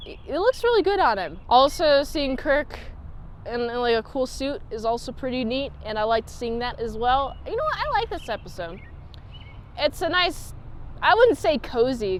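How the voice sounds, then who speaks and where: A woman's voice: on the high side, fairly bright tone, a little hiss or hum. A woman host chatting casually through a TV episode review, giggly and full of fillers.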